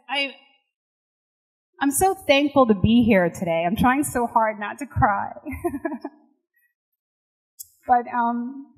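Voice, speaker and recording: Woman chef, from Puerto Rico, motivational speaker; raised-pitch voice, slow delivery, heartfelt and rallying. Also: low-quality recording. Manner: heartfelt and personal, building to rallying calls. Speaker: chef and TV host giving a speech. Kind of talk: motivational speech to an audience.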